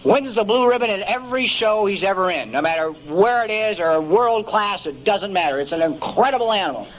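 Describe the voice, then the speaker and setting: A man's voice: high-pitched, fairly quick, a bit bright, lo-fi sound. A man giving a folksy, emphatic storytelling talk at a recovery meeting, peppering it with "man" and "you know".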